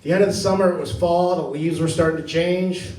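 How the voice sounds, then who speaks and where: A man's voice: high-pitched, steady tone, fairly quick, darkish tone, a little hiss or hum. A man from Maine doing a stand-up comedy set on a club stage, rambling and self-deprecating as he tells his stories. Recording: echoey room from a distance. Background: audience laughter.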